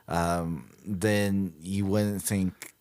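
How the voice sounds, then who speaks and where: A man co-hosting a casual podcast in a relaxed, wry way. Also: sits low, extremely slow. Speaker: podcast co-host. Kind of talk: casual chat.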